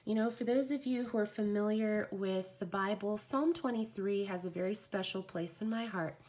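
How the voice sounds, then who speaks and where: A woman's voice: medium pitch, moderate pace, a little mellow. A woman giving a heartfelt, rambling live oracle card reading.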